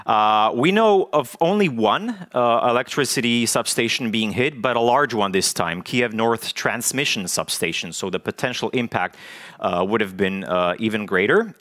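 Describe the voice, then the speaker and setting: A man giving a technical conference talk, halting often with fillers and restarts. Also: on the low side, a bit bright. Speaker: conference speaker. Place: conference stage.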